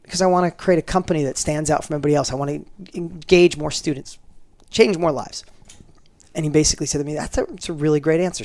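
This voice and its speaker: A man's voice: on the high side, creaky, no room sound. A middle-aged man, a guest in an interview, telling a personal story emphatically and acting out the dialogue. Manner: emphatic, animated, acts out quoted dialogue.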